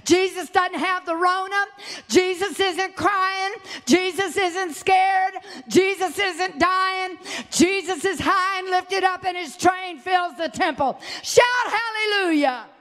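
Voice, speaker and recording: A woman preaching a fervent sermon, shouting praise and voicing her listeners' doubts back at them. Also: very high-pitched, steady tone, slow pace, in a large hall.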